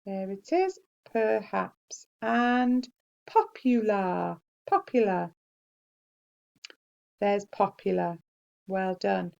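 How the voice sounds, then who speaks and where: Woman, primary teacher, slow dictation, gentle praise, gravelly voice. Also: mid-range voice, big pitch swings, dull audio. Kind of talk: spelling lesson for children.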